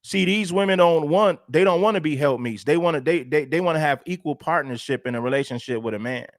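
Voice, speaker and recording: Male host, preachy, repeats his points, slightly high voice, dry close sound. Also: brisk, no echo. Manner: preachy, emphatic and repetitive. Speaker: show host. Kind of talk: livestream commentary.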